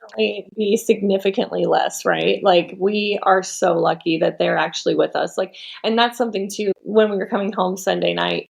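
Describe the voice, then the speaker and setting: A woman hosting a casual podcast chat, relaxed and empathetic, asking questions. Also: medium pitch, fairly quick, gravelly, few pauses. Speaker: podcast host.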